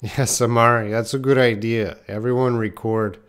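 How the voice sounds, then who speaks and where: A man's voice: mid-range voice, fairly even intonation, moderate pace, smooth. A man teaching a live online English lesson, trying tongue twisters, joking with viewers and laughing at his own mistakes. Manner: chats with viewers reading their comments.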